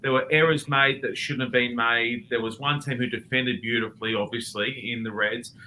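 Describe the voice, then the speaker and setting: A rugby commentator guesting on a podcast chats casually over a remote call, his mid-range voice moving at a moderate pace. He's animated and blunt, swearing casually. The audio is poor, with a little hiss or hum.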